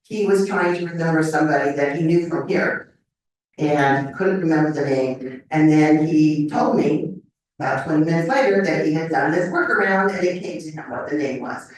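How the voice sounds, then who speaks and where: An older woman with a fairly low voice lectures to a live audience, keeping it conversational and often checking in with "okay?". She sounds set back from the mic, and a strong echo fills the hall around her. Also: moderate pace. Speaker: memory lecturer. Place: lecture room. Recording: echoey hall mic from a distance.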